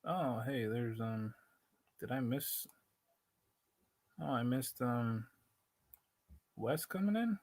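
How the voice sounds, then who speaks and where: A man with a Spanglish accent runs a casual livestream through a laptop mic, rambling, interrupting himself, and laughing often. His medium-pitched voice is animated and a little mellow, and he speaks slowly with frequent pauses.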